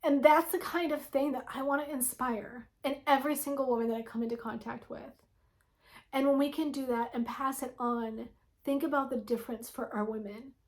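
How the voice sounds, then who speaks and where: A woman in her forties with a slightly high voice delivers a blunt, impassioned pep talk straight to her viewers. She swears freely and preaches with fire. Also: steady tone, a little fast. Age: 40s. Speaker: wellness vlogger. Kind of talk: impassioned motivational vlog.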